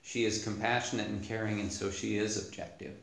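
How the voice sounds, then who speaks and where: Male meditation teacher, low voice, patient explanatory dharma talk, echoey room. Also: level tone, gravelly, a bit bright. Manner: unhurried, explanatory, with many "you know"s.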